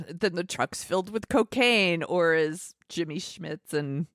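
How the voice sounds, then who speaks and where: A woman's voice: lowish voice, slow pace, a bit bright, dry recording, clean studio sound. A woman co-hosting a casual movie podcast, wryly recapping scenes and commenting as she goes. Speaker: podcast co-host. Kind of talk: casual chat.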